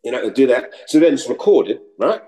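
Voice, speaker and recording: Animated New man telling stories. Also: medium pitch, fairly quick, rough recording. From New York City. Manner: animated storyteller, slips into accents and voices. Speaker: actor guest. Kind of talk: casual interview chat.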